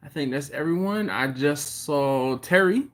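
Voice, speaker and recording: A man's voice: on the high side, expressive, a little slow, fairly bright tone. Chatty man hosting a live stream. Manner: greets chat viewers by name, loose and rambling. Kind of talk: casual live chat with viewers. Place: at home.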